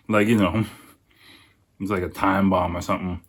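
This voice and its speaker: Male podcaster, very deep voice, loose and swearing, rambling food-tasting chat. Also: steady tone, a little fast, long pauses. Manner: profane, rambling, chatty. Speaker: podcast host.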